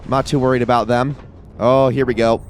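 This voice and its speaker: A man's voice: mid-range voice, level tone, brisk, a little hiss or hum. A man hosting a let's play, giving casual running commentary and reacting aloud to the game.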